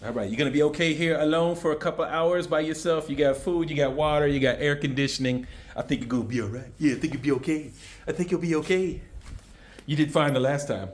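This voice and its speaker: A man's voice: a little high, fast talker. A man vlogging in a casual, candid, rambling way, sometimes talking to a puppy. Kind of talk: casual vlog talk. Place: Thailand, indoors and out. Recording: noisy street ambience.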